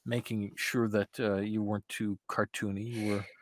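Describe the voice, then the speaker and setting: A man speaking in a lower voice answers questions on a relaxed podcast. His delivery is animated and playful, swinging from loud, bright bursts to quiet muttered asides. The sound is dry and close. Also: normal speed, no room sound. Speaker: guest voice actor. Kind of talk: casual podcast interview chat.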